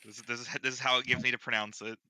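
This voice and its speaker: A man's voice: medium pitch, little pitch movement, racing, pushed and bright, slight background noise, low-quality recording. A man playing a tabletop game, speaking casually and hesitantly with some joking. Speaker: player.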